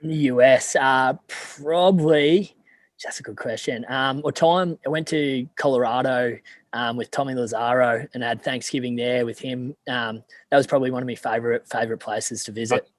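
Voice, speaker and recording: An easygoing young man with an Australian accent answers questions in a relaxed, chatty way. His voice sits at a middle pitch and is recorded dry and close, with little room sound. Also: normal speed, no echo. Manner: easygoing, ends sentences with "mate". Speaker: guest, former college punter. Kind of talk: casual interview.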